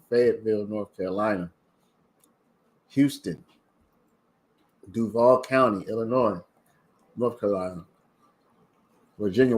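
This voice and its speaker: A man from Maryland hosting a casual livestream, chatting and reading out viewer comments. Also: medium pitch. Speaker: livestream host.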